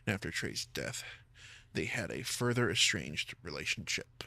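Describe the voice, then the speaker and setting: A man's voice: low-pitched, very animated, normal speed, vocal fry, sharp tone, no room sound. A man streaming a game, reading its lore text aloud and joking about his own slips. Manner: reads in-game text aloud, stumbles and jokes at himself.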